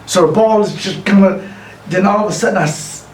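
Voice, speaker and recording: A middle-aged man giving an award acceptance speech, telling a lively anecdote and acting out other people's lines. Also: sits high, a little fast. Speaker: award honoree. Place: room, recorded for a virtual gala. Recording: echoey room, distant mic, faint noise.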